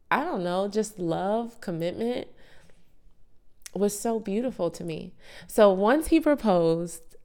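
A woman around thirty, a podcast host, tells a personal story in a chatty, animated way with asides to her listeners. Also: lowish voice, clean tone. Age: late 20s to early 30s.

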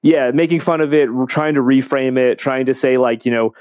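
A man's voice: mid-range voice, steady tone, brisk, darkish tone, no echo. A man hosting a podcast, chatting casually with his guest in a loose, restarting way. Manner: chatty, many fillers and restarts. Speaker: podcast host. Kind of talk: casual interview talk and read ad. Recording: dull, slightly lo-fi dry sound.

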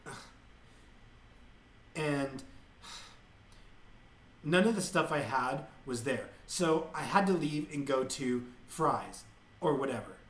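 A man's voice: mid-range voice, lively intonation, a bit bright. Guy doing a whiny airhead young woman, stretched-out words, uptick at every end, echoey room. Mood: whiny, drawling. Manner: drawn-out words with rising endings. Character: ditzy young woman, drawling upspeak.

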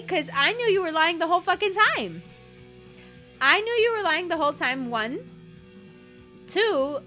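A woman plays an enraged lover leaving a voice note, cursing at every turn and dripping with sarcasm. The voice is bright and forceful, and sits a little high. Soft music plays behind her. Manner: profane, cutting, sarcastic. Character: furious woman ranting at a cheating lover. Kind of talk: acted voice-note rant.

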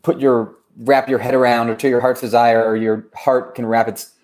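Guy cohosting a podcast, jokey, reads promos and shoutouts, loose chatty delivery. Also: medium pitch, level tone, normal speed. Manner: jokey, runs through promos and shout-outs. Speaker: podcast co-host. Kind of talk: casual podcast chat. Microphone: remote recording.

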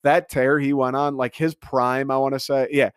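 A man in his twenties riffs alone on his podcast, swearing freely and rambling with excitement. His voice sits at an ordinary middle pitch. The recording is dry and close, with no room sound. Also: normal speed, clear, resonant tone, no room sound. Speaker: podcast host. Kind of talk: casual solo podcast monologue.

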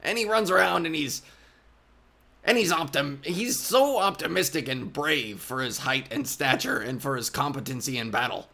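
A man's voice: fairly high pitch, normal speed, creaky, sharp tone, exaggerated voice. A man voicing a plucky, optimistic little male halfling in a strained voice that hurts his throat. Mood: chipper.

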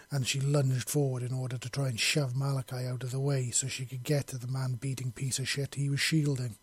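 A man reads a fantasy story aloud with dramatic, vivid storytelling. His mid-pitched voice is husky, and the recording is dry and close. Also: no room sound. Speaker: narrator. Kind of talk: scripted fantasy audiobook narration.

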